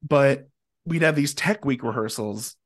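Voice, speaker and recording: Young guy rambling thru a band story, animated, cusses a lot, average pitch. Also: unhurried. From Indiana, US. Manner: rambling, animated, swears freely. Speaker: podcast guest, musician. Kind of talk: casual storytelling.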